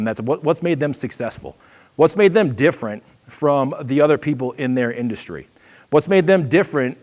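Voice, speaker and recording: A middle-aged man from Boston with a Boston accent, giving a quick, energetic, conversational seminar talk. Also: on the high side. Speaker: seminar presenter. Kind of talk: trade show seminar talk.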